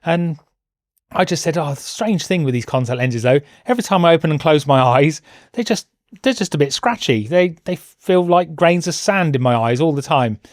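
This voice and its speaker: A British man with a voice pitched a little high talks casually as a guest. He tells his side of the story with self-deprecating, dry humor. The sound is close and dry, with no room echo. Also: expressive, normal speed. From Britain. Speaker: guest, host's husband. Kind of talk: casual conversation.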